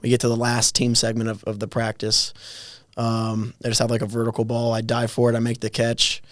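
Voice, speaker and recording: A college athlete in his twenties, telling his story in a guest interview with many halting restarts and little chuckles. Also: mid-range voice, monotone, no echo, studio quality. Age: 20s. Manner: halting, repeats words, chuckles while telling stories. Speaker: college football player, guest.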